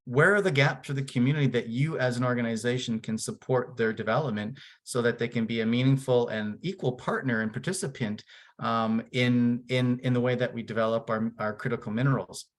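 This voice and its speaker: A man's voice: medium pitch, fairly quick. A man from Canada speaking on a panel discussion in a casual, candid way, with many fillers and restarts.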